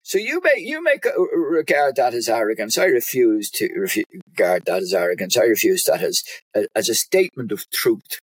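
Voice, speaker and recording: A man with an Irish accent, a doctor talking as a guest in a casual chat, wry and teasing, with halting restarts. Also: medium pitch, sing-song, breathy edge, no echo. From Ireland.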